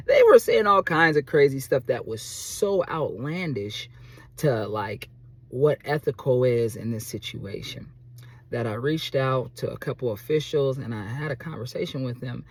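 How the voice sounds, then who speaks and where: A man's voice: mid-range voice, normal speed. Chatty man telling a story to camera. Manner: animated, chatty, keeps asking "okay?". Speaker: small business owner. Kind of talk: casual storytelling vlog.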